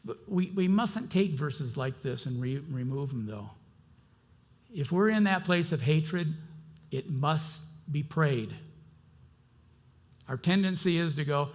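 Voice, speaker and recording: A middle-aged man preaching a sermon as pastor, conversational and impassioned, swinging between loud outbursts and quiet asides. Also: a little high, lively intonation, unhurried.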